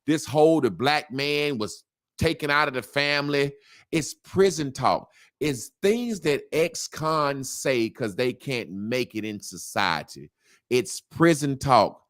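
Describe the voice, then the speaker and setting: A man's voice: medium pitch, lively intonation, takes it slowly, a bit bright. A man as an interview guest, talking in a casual, emphatic way with slang and repetition.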